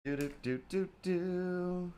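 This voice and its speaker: A man whose voice sits high, with a dark tone and slow pace, hosts a live stream where he draws and chats in a rambling, casual way. Playful mumbled asides to himself come up as he works.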